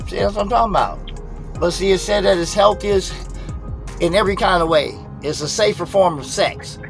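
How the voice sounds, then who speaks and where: A man's voice: high voice, moderate pace, creaky, faint music behind. A middle-aged man hosting a casual live call-in talk show, rambling in a preachy way. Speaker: host.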